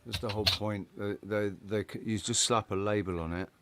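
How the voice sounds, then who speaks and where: A man's voice: lowish voice, steady tone, a little fast, a bit bright. A man hosting a casual live-stream chat, blunt and swearing, often restarting his words. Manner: blunt, swearing, repeats words while searching. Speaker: host.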